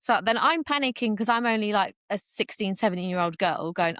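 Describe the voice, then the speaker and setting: A woman's voice: medium pitch, animated, normal speed, a bit bright, no echo, studio quality. A young woman talking openly as a podcast guest, chatty and full of fillers, acting out the voices she quotes. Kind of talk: casual conversation.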